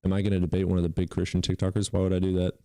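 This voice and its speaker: A man's voice: sits low, completely flat delivery, very fast, dark tone, clean tone, no echo, studio quality. A young man hosting a livestream debate, mocking chat and callers with swearing and bursts of laughter. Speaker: streamer hosting call-in debates.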